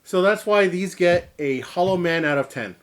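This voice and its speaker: A man from Canada co-hosting a casual beer review, jokey and animated, with exaggerated reactions to what he tastes. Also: high-pitched, normal speed. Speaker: co-host of a beer review show. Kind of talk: casual chat.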